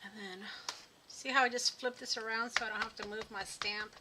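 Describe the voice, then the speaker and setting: A woman's voice: a little high, fairly even intonation, a little fast. Chatty woman demoing crafts over clicking noise. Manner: chatty, thinking aloud while working. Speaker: card-making tutorial host. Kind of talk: live craft demo chat.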